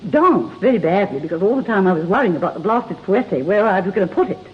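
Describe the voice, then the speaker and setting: A woman's voice: medium pitch, expressive, quick pace. An older woman from England, a guest on a talk show, telling stories in a chatty way and laughing often. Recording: dull lo-fi broadcast with faint hiss.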